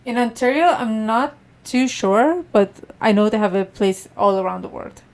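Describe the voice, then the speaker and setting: A woman's voice: a little high, moderate pace, a little mellow, poor audio. A woman guest on a podcast telling about her experiences in a casual, chatty way, often saying "like". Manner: chatty, fills speech with "like". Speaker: podcast guest, meditation practitioner. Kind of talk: casual interview chat.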